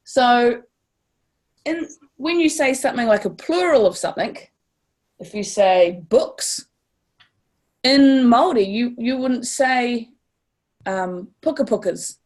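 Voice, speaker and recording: A woman's voice: a little high, expressive, slow, long pauses. A woman with a New Zealand accent teaching a class, upbeat and encouraging, stretching words out to model sounds. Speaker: language teacher.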